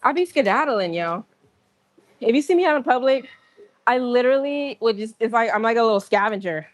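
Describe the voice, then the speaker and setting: A woman's voice: a little high, expressive, fairly quick, no room sound. A woman chatting casually on a livestream from the gym, telling stories in slang with laughs and acting out other people's lines. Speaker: livestream host.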